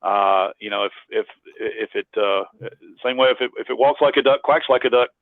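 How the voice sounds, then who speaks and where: A man's voice: mid-range voice, normal speed, dry recording. Man rambling over a tinny line. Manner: rambling anecdotes with frequent restarts. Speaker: interview guest, cosplayer. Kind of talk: casual interview storytelling.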